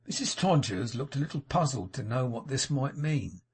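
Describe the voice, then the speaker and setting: A man narrating a classic novel as an audiobook in a measured, even reading. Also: medium pitch, husky. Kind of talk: scripted narration.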